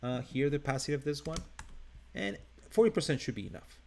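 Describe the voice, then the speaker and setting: A man's voice: medium pitch, expressive, fast, a little mellow. Casual accented man teaching design live. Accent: non-native English. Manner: casual, upbeat, thinking aloud with restarts. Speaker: design instructor. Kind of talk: live screen-share design tutorial.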